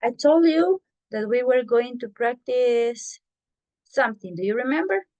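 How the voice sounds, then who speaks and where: A woman teaching English over a video call, speaking slowly and steadily in a fairly high voice. She explains things patiently and repeats herself so the class can follow. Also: expressive, darkish tone, muffled recording.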